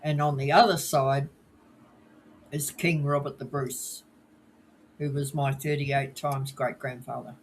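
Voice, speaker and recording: Relaxed, teasing podcast co-host. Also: mid-range voice, a little slow, pauses often, slight background noise. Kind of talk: casual live podcast chat, storytelling.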